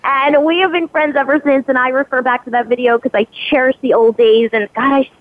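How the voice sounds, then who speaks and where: A woman's voice: high-pitched, a little fast, no echo. Effusive woman on a dull phone line. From Philadelphia. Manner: effusive, warm praise, animated. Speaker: actress guest. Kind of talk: casual interview chat.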